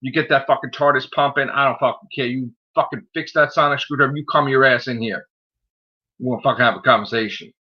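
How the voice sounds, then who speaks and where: In an angry live-stream rant on his channel, this host fires off points quickly, curses constantly, and keeps asking "okay?" after each one. He speaks at a medium pitch with fairly even intonation, over dull, lo-fi stream audio.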